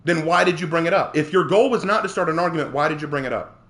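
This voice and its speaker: A man's voice: on the high side, fast, a bit bright. A man streaming a game and ranting to his chat in a heated, indignant way, answering viewers by name. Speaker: streamer and writer. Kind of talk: live-stream rant to chat while gaming.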